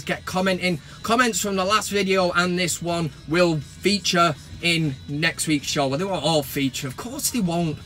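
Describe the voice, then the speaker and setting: An English man hosting a football fan vlog, talking to camera in an animated, sarcastic rant and swearing freely. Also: sits high.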